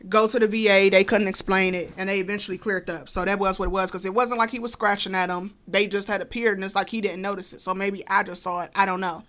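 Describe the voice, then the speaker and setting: Bright-voiced woman telling a rambling story. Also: medium pitch, steady tone, fast, few pauses. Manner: rambling, many fillers and asides. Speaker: podcast co-host. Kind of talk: casual storytelling.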